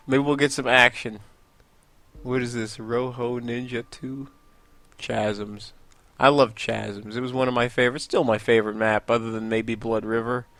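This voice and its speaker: A man's voice: mid-range voice, fairly even intonation, unhurried, long pauses, sharp tone, dry recording. A young man casually commenting over his own gameplay, rambling and joking at himself with frequent laughs. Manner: rambling, self-mocking, laughs often. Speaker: Let's Play host.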